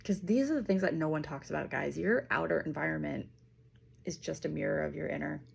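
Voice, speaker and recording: A woman giving a casual spiritual reading and leading slow breathing, talking loosely with fillers and the odd swear word. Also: sits low, gravelly, slight background noise. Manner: slows down and softens into near-whispers. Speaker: intuitive reader.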